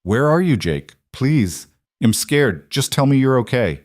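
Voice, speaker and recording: A man's voice: mid-range voice, very animated, unhurried, a little mellow, no echo, studio quality, voice pushed up. A man voicing a scared, pleading young woman. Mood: frightened. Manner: pleading, voice cracking. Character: frightened young woman, a waitress.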